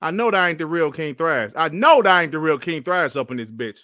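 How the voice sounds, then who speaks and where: A man hosting a gaming podcast, ranting in an exasperated, animated way on a livestream, repeating himself and sighing between phrases. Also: a little high, fairly quick, dry recording, studio quality. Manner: sighs and coughs between phrases. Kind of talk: livestream commentary and rant.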